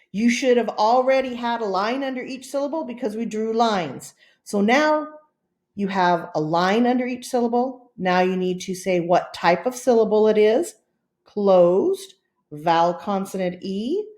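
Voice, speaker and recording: A woman teacher talks through a spelling lesson at an unhurried pace, pausing between each step. Her voice sits in a middle register, patient and deliberate. The sound carries a noticeable room echo. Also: medium pitch, darkish tone. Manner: patient, deliberate, repeats instructions. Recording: roomy echo.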